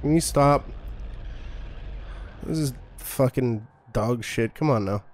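A man's voice: medium pitch, slow. A man streaming a horror game, commenting in a profane, sarcastic and irritated way. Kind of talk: live gameplay commentary.

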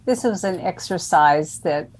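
A middle-aged woman narrates a dog-training lesson with a somewhat low voice. She explains each step calmly and plainly, in measured order. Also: a little hiss or hum. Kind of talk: voice-over narration of training slides.

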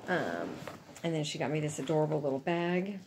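A woman's voice: sits low, sing-song, brisk, a little mellow, a little hiss or hum. A woman chatting casually and gushing to her viewers about gifts she is unboxing. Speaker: vlogger.

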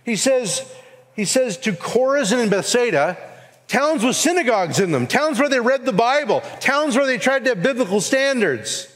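A man's voice: extremely high pitch, very animated, normal speed, a bit bright. A man giving an earnest sermon as pastor with a Southern US accent. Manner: earnest preaching, acts out quoted voices. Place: church sanctuary. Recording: long reverb of a hall.

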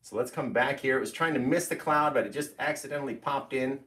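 Broadcasting from his home studio, this man teaches painting live in a relaxed, playful way, laughing frequently. He talks fast at a medium pitch with a fairly bright tone, and the recording has an echoey room sound.

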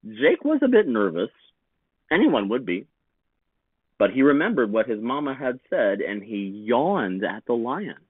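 A man, a teacher, reading a children's picture book aloud with slow, very expressive storytelling. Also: medium pitch, slightly rough, no echo. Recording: tinny phone-like sound, dry.

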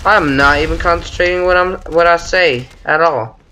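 Bright-voiced young guy trash-talking in a shooter. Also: a little high, normal speed, a little hiss or hum. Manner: chatty, trash-talking, frequent mild exclamations. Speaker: gaming commentator. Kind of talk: casual gameplay commentary. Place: bedroom at home.

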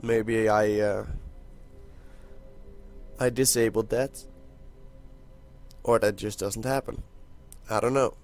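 A young man hosting a casual let's-play, excitable and chatty with his viewers, with a hoarse voice that keeps cracking. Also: on the low side, slow, pauses often, faint music behind. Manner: excitable, talks to viewers while playing. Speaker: gaming channel host.

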